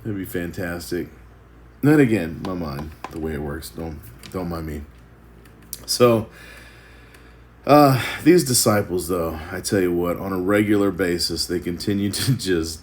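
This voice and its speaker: A man's voice: deep voice, moderate pace. A man giving a casual devotional reflection on the Bible, rambling and self-deprecating, chuckling as he talks. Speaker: vlogger.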